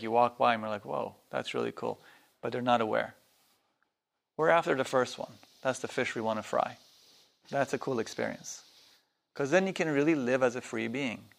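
A man's voice: mid-range voice, gravelly, fairly bright tone. A man leading a spiritual workshop in a loose, casual way, swearing freely and acting out voices when he tells stories. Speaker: workshop teacher. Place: workshop hall.

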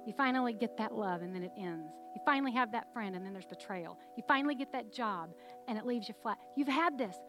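A middle-aged woman preaching a sermon, telling a family story in a lively, conversational way with quick laughs. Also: medium pitch. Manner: animated, conversational storyteller who laughs while talking.

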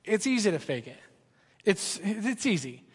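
A man with a high voice delivers a sermon as a student pastor, keeping it casual, joking and energetic. His words ring out with a long reverb in a large church auditorium. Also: unhurried, slightly rough. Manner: energetic, joking, conversational preaching.

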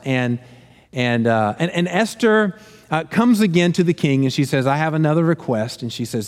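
High-voiced preacher man in a reverberant hall. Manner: animated storytelling, acting out characters' lines. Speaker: pastor. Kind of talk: sermon.

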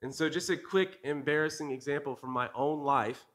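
A part-time preacher in his thirties delivers a sermon earnestly and conversationally, frequently putting questions to the congregation. His voice is a little high and fairly bright, at a normal speed.

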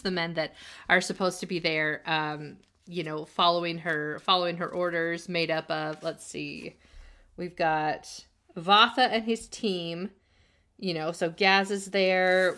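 A woman's voice: lowish voice, pushed and bright. A woman co-hosting a casual book-discussion podcast, musing through recaps. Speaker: podcast co-host.

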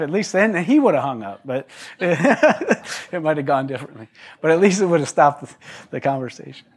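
A man's voice: on the high side, sing-song, normal speed, breathy edge. A man preaching to a congregation in a loose, conversational way, with joking asides and frequent restarts. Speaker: pastor. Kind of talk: conversational sermon.

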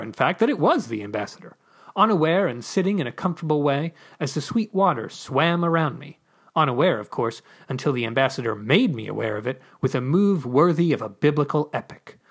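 A podcast co-host narrates a whimsical story with a wry, deadpan delivery. The voice swings widely in pitch and carries a breathy, husky edge. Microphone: podcast microphone.

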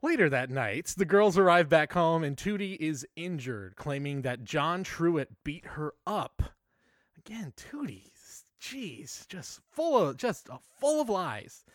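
A man's voice: on the high side, measured pace, no echo, clean studio sound. Swearing, irreverent male podcast co-host. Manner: irreverent, swears freely, deadpan exaggeration. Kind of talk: casual chat recapping a film.

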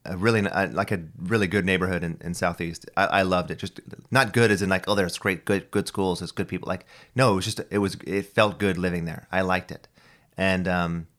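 Podcast host, man in his thirties, very deep voice; loose, profane, rambling delivery. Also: fairly even intonation, fairly quick, fairly bright tone. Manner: profane, ranting, full of restarts. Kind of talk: casual rambling monologue.

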